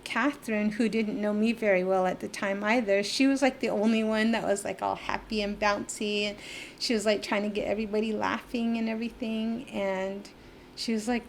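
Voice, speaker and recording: Brief: middle-aged woman from the Southwest reservation region, podcast guest, rambling storyteller with some vocal fry, faint noise underneath. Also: mid-range voice, level tone, moderate pace. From Navajo Nation area, US Southwest. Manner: rambling, acts out quoted voices. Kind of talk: personal storytelling.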